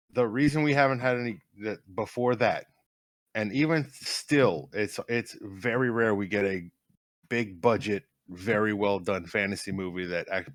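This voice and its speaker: A man's voice: on the low side, dry recording. A man chatting casually on a podcast, blunt and emphatic, with frequent swearing. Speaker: podcast co-host. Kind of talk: casual chat.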